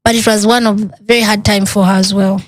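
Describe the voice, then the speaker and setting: As a guest, an earnest woman recounts a difficult personal story at a brisk clip, her voice at an ordinary middle pitch. She tells it with animation, taking on the voices of the people she quotes.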